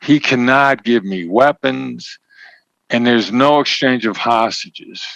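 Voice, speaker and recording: A man as an interview guest, explaining negotiation points in a measured, emphatic teaching tone. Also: mid-range voice, creaky, fairly bright tone, no echo. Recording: dull, slightly lo-fi sound.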